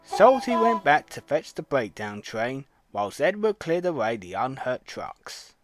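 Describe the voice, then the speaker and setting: A man narrating a children's storybook in an expressive, lively reading. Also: medium pitch, a little slow. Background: loud music.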